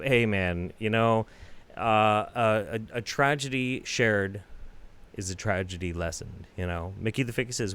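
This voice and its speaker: A man hosting a profane reaction commentary show, swearing heavily and swinging between shouted rants and quiet asides. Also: on the low side, measured pace, clean tone. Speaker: host.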